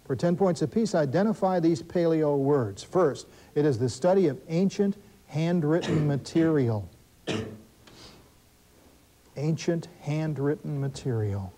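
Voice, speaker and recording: A man hosting a school quiz show, reading questions briskly and adding wry asides and corrections for the teams. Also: fairly high pitch, dark tone, poor audio. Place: television studio.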